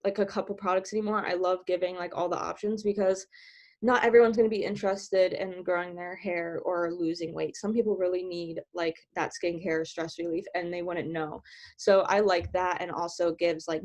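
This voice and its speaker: A woman giving casual coaching tips on a video call. She talks fast, laughs often and fills her speech with "like". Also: on the low side, steady tone, muffled recording. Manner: bubbly, giggly, filler-heavy with many "like"s. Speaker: team trainer sharing sales tips.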